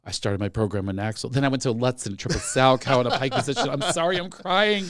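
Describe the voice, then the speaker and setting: A man's voice: mid-range voice, fast talker, fairly bright tone, slight background noise, natural voice. A man putting on the voice of a flamboyant, catty male figure skater in a comedy impression. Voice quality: campy, theatrical.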